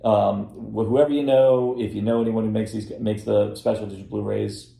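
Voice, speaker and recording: A man's voice: on the low side, steady tone, moderate pace, creaky, dark tone. A man co-hosting a casual film podcast, talking in a rambling way with many restarts. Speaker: podcast co-host reviewing films. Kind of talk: casual chat. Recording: echoey room.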